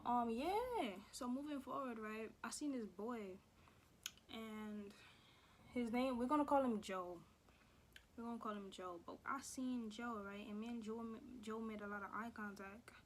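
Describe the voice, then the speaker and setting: A woman's voice: on the high side, a little hiss or hum. A young woman telling a story from her school days in a sassy, profane, slang-heavy way. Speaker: vlogger. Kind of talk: casual storytime.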